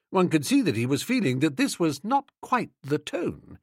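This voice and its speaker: A man narrating a comic novel in the first person, wry, expressive, and playful. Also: high voice, measured pace, no echo, studio quality. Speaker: audiobook narrator.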